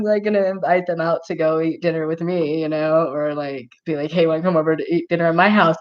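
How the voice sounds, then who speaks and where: Casual livestreamer, a woman with a low voice who is chatty, rambling and giggly. The audio is dull and lo-fi. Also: fast, hardly any pauses. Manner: rambling and giggly, many filler words. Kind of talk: casual livestream chat reading comments.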